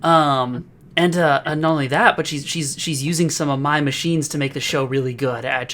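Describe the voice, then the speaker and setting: A player in a tabletop game, talking in an excitable, rambling way while in character. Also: mid-range voice, normal speed. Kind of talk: tabletop role-play, in character.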